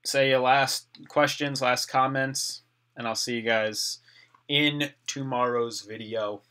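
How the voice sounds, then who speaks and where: A man's voice: mid-range voice, steady tone, takes it slowly, bright, forceful tone, clear, resonant tone. Chatty man hosting a live stream. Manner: chatty, reads viewer comments aloud and replies. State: voice getting dry and parched. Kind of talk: casual live stream chat reading comments.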